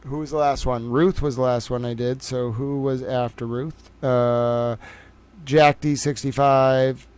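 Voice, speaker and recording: A man hosting a casual livestream trivia game, calling out viewers by name and praising them, swinging from loud excitement to quiet muttering. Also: mid-range voice, unhurried, clear, resonant tone. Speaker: livestream host running trivia.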